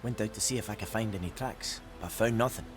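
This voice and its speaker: An actor playing a bitter, sarcastic old dwarf blacksmith in a game, with a Scottish accent and a swearing manner. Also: male voice, on the low side, quick pace, over music, natural voice. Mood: weary.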